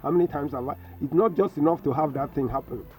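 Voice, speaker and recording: A man's voice: on the high side, fast talker, mellow. A man, a professor speaking as a guest on a radio talk show, emphatic and preachy, repeating his phrases. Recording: distant mic with faint music.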